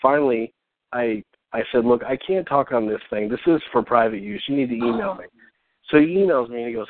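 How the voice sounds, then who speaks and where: A man's voice: mid-range voice, animated, fast, no room sound. Male host, casual storyteller, rambling, quotes others in their own voices; tinny phone-like audio, dry. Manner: rambling, acts out both sides of conversations. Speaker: podcast host and artist.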